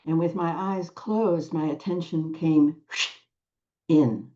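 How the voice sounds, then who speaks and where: An older woman telling a personal spiritual story to a group, slow and hushed, with long pauses and soft whispered phrases. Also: low voice, steady tone, lo-fi sound. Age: 60s or older. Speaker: spiritual teacher.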